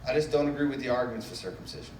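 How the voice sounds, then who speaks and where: A stand-up comedian from the Boston area works a club crowd with loose, self-mocking riffs. His voice sits at a middle pitch and is picked up from some distance. The room is echoey, with a faint buzz of ambience behind him. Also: rapid-fire, darkish tone, slight background noise. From Brookline, Massachusetts.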